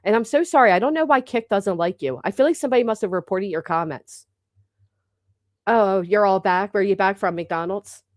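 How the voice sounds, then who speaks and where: A woman's voice: medium pitch, brisk, dry recording. Brash woman teasing her chat, dry sound. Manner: brash, chatty, swears freely, teasing viewers. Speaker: livestream host. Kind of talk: casual live-chat banter.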